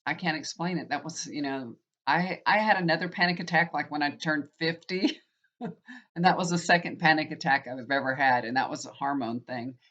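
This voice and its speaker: A woman's voice: sits low, normal speed, a bit bright. A woman in her fifties, a tarot reader, telling a rambling personal story in a chatty, casual way. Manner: chatty, rambling, frequent "you know". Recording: dull lo-fi recording.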